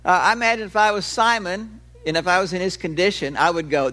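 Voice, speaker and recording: A man's voice: high-pitched, quick pace, few pauses, sharp tone. A male preacher giving a sermon in a conversational way. He explains with everyday examples and stretches key words for emphasis.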